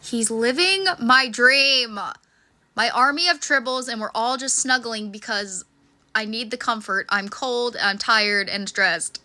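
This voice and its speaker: A woman's voice: fairly high pitch, measured pace. A woman giving casual reaction commentary, chatty and sarcastic, who swears and laughs often. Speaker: reaction video creator. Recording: noticeable background noise.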